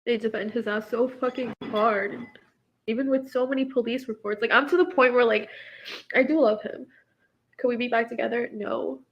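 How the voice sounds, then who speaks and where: A woman in her twenties vents in distress on a personal vlog about her marriage, saying "like" constantly. Her voice is fairly high with fairly even intonation at a moderate pace. The audio is dull, with slight background noise.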